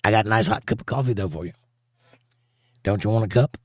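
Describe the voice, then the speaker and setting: A man's voice: on the low side, fast, a little mellow, dry recording, clean studio sound. A man hosting a casual live stream, reading viewer comments aloud and joking back at them. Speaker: livestream host.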